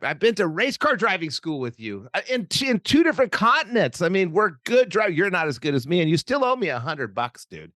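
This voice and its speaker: A man's voice: high voice, fairly bright tone, no room sound. A man hosting a podcast, joking and teasing his guest in a rambling, casual chat. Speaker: podcast host.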